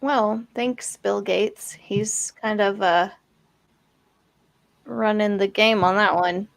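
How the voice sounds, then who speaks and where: A woman's voice: medium pitch, steady tone, slow pace, gravelly. A woman co-hosting a podcast, chatting casually with teasing asides and frequent giggles. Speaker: podcast co-host. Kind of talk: casual joking chat.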